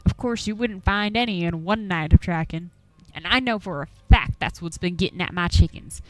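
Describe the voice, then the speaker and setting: A woman's voice: on the low side, moderate pace, no room sound, natural voice, poor audio. A woman voicing a stubborn old rural man from the Appalachian hills, with a folksy drawl, grumbling and scolding. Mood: gruff. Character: gruff old rural man, stubborn chicken farmer and hunter.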